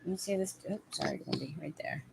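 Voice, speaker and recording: A woman's voice: sits low, wildly swooping pitch, fairly quick, creaky, noisy background. A Canadian woman casually chatting with viewers on a livestream at home, laughing and fussing over her dog. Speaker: livestream host.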